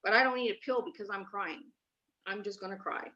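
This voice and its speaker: A woman's voice: mid-range voice, fairly quick, pushed and bright. A woman from Canada, a podcast guest, telling her personal story in an earnest, emphatic way and repeating herself for stress over a remote call. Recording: dull lo-fi remote audio.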